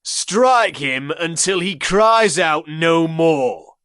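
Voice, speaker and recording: A man voicing a gruff, commanding male Spartan leader who addresses a crowd loudly and slowly. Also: on the high side, lively intonation, dry recording, studio quality, voice pushed up, exaggerated voice. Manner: loud, slow, declaiming to a crowd. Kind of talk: audiobook character voice.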